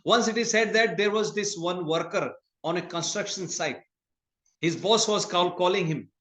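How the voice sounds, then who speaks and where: A man gives a temple sermon in a high, light voice. He talks conversationally and laughs often, telling everyday stories along the way. The sound rings with the echo of a large temple hall. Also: moderate pace, a bit bright. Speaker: speaker giving a scripture class.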